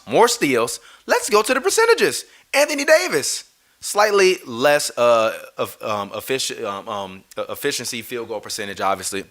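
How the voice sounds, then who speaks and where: A man hosts a live basketball stream from a home setup, talking through a mixer. He rants in a bright, forceful voice, argues with his viewers and swears freely. He keeps breaking off to apologize for audio dropouts. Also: medium pitch. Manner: heated, swearing, argumentative, apologizes over audio trouble. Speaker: basketball podcast host. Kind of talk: live-stream sports rant.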